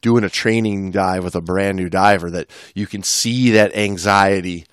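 A man's voice: sits low, steady tone, normal speed, fairly bright tone, smooth, no room sound, studio quality. A man co-hosting a podcast as a dive instructor, talking casually and rambling with many restarts. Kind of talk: casual chat.

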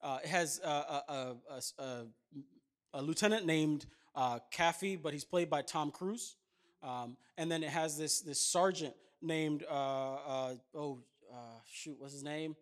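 High-voiced pastor preaching. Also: male voice, unhurried. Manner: conversational, with asides to the congregation; bursts of emphatic preaching. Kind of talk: sermon.

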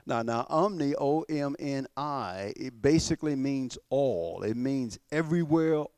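A male pastor preaching a sermon to his church, emphatic and slowing down to stress key words, often repeating and restarting. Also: mid-range voice, darkish tone, dry recording.

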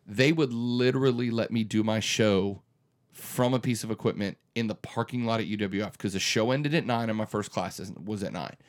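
A man's voice: fairly low pitch, normal speed. A man in his thirties who hosts a radio morning show, speaking in an earnest, emphatic way with frequent restarts during a conversational interview.

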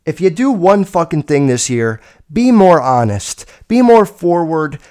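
A young man hosting a casual solo podcast, telling stories in a blunt, rambling way full of swearing, with loud bursts and low mutters. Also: big pitch swings, unhurried, clear, resonant tone. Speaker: podcast host.

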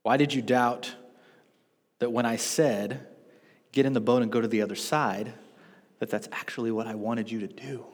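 A man in his thirties preaching a sermon, telling stories with lively self-deprecating asides. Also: medium pitch, moderate pace, long pauses. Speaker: pastor. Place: church sanctuary. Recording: long reverb of a church hall.

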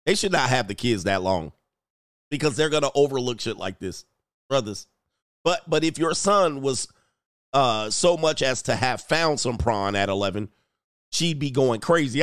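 A man's voice: medium pitch, animated, normal speed, no echo, studio quality. A man hosting a reaction commentary channel, blunt and mocking, repeating phrases for emphasis. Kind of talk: reaction commentary on a video clip.

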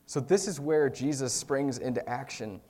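A man preaching a sermon in a conversational way, with fillers and self-corrections, rising to loud emphatic peaks and dropping to quiet reflection. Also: medium pitch, moderate pace, slight background noise. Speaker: pastor.

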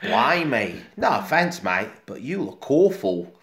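A man voicing a cheeky, blunt male cat with a Cockney accent, loud and high. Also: very animated, measured pace. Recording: roomy echo.

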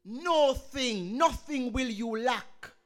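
A woman's voice: on the high side, lively intonation, slow pace. A woman preaching a sermon, quoting scripture and building to fervent emphasis.

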